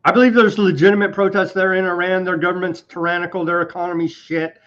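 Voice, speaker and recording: Higher-voiced sarcastic man, dull lo-fi audio. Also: level tone, fast talker, fairly bright tone. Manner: sarcastic, stumbles over foreign names. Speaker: co-host. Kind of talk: sarcastic news commentary.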